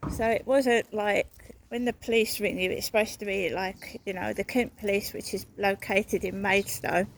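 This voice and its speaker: A woman's voice: mid-range voice, fairly even intonation, moderate pace, slight background noise. A woman, chatting casually to her channel while out walking her dog. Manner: chatty, incredulous storytelling. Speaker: vlogger. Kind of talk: casual chat.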